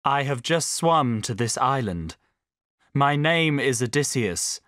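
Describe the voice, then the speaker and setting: Weary shipwrecked hero, slow careful delivery, dry studio sound, coursebook audio drama. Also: male voice, mid-range voice, lively intonation, fairly bright tone, no echo.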